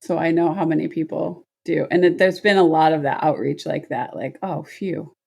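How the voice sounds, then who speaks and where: Lady cohost, kinda low voice, teasing and curious, tiny clip-on mic. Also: a little fast, vocal fry, darkish tone, slightly rough. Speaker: podcast co-host. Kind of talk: casual chat. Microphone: tiny mic clipped to a cup.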